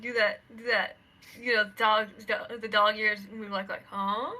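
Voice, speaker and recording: A woman's voice: mid-range voice, level tone, unhurried, sharp tone, faint music behind, low-quality recording. A woman playing a tabletop role-playing game, chatting in a joking, loose way. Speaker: player. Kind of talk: casual tabletop role-play.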